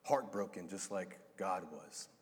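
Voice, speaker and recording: A low-voiced man preaching a sermon with lively delivery, acting out the voices in the passage he tells. His words ring with a long reverb, as in a large hall. He talks casually to the congregation. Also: measured pace. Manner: animated, acts out voices of God and Adam. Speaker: pastor.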